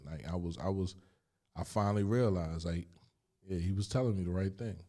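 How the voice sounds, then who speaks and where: A middle-aged man from Chester, Pennsylvania, a guest telling his life story candidly, emphatic and animated, full of street slang. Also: deep voice, fairly quick.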